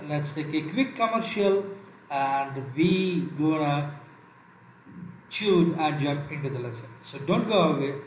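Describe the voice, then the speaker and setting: Halting man hosting a church broadcast. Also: fairly high pitch, slight background noise. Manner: halting, many filler sounds. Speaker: radio program host and preacher. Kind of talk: church radio broadcast greetings. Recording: echoey room.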